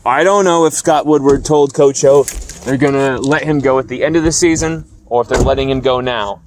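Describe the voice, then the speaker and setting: A man's voice: mid-range voice, moderate pace, slight background noise. A man hosting a sports commentary show, delivering a blunt, heated, profane opinion rant and repeating his points for emphasis.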